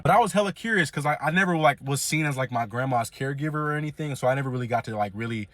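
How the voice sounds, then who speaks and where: A man's voice: mid-range voice, rapid-fire, few pauses, fairly bright tone, no echo. A young man telling a comedic story in casual, slangy, profane speech with many restarts.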